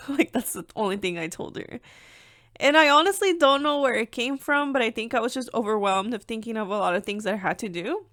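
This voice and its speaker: A young woman with a fairly high voice chats candidly on her podcast, animated and full of "like" fillers. She sits close to the mic in a dry, dead room. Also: brisk, no room sound. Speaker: podcast host. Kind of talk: casual personal podcast monologue.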